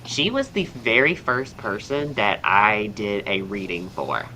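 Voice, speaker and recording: A man's voice: fairly low pitch, expressive, unhurried, bright, forceful tone, slight background noise, low-quality recording. A young man with a Southern American accent hosting a podcast, chatting casually and rambling upbeat with lots of fillers. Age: young adult. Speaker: podcast host and astrologer. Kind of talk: casual chat.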